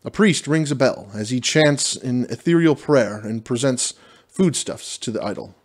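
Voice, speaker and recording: A man reading a solo fantasy adventure aloud as dungeon master, in an ordinary mid-range voice. He trips over the fantasy names and laughs at himself in quick asides. The reading itself is steady and plain. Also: medium pitch. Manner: self-deprecating, stumbles over fantasy names.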